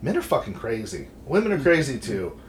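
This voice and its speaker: A man's voice: mid-range voice, a little fast. A man in his thirties in casual, profane conversation, telling stories about family with lots of swearing. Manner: animated, swears freely. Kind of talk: casual chat.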